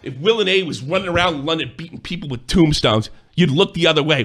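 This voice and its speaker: Pissed off guy ranting and swearing, highish voice, bright. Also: quick pace, hardly any pauses. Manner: angry, profane, accusing, sometimes shouting. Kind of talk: heated rant.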